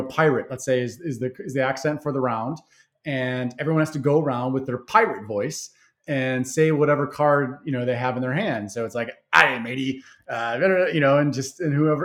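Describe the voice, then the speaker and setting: Man in a business interview, mid pitch, casual and unpolished. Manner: easygoing, many fillers and restarts. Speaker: game creator guest. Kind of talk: conversational interview.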